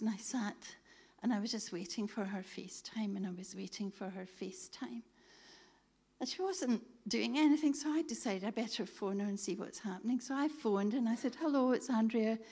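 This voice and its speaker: A middle-aged woman telling a lively faith story to a church audience, acting out the dialogue. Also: mid-range voice, normal speed. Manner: lively, animated storytelling, quoting others in dialogue. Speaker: speaker telling a testimony.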